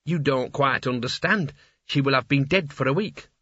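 Brief: man doing an anxious, rambling wizard, bright husky voice, dull dry lo-fi sound. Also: medium pitch, normal speed, no echo. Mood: explaining. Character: flustered fussy male wizard.

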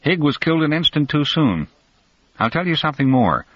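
Cool calculating schemer guy, measured and sharp, lively ups and downs, dull dry lo-fi sound, a man reading him. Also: a little high, voice pushed up. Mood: coolly explaining.

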